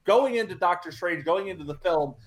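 A man's voice: high-pitched, lively intonation, brisk. A man co-hosting a casual film podcast, talking with frequent restarts and hesitations. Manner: hesitant, many restarts, laughs often. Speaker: podcast co-host.

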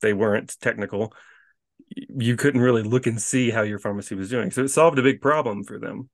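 A man co-hosting a podcast, telling a lively anecdote in a casual, animated way with frequent restarts and laughs. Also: medium pitch, a little fast, no echo, studio quality. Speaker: podcast co-host. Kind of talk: casual storytelling.

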